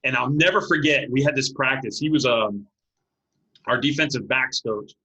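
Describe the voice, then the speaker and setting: A man in his late forties, a high school football coach, telling stories as an interview guest and acting out what people said. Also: moderate pace, poor audio. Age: late 40s. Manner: animated storyteller, acts out quotes, laughs often. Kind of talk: casual interview storytelling.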